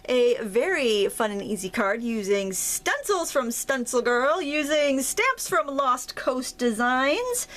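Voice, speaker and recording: A woman's voice: sits high, very animated, slow, hardly any pauses, a bit bright. A woman with a Maine accent hosting a casual crafting tutorial, chatty and self-deprecating as she thinks aloud while working. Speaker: craft video host.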